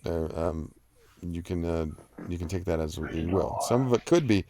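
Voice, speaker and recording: Deep-voiced man reading live chat. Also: moderate pace, a crowd in the background. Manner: rambling, many fillers and restarts. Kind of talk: casual live-stream chat.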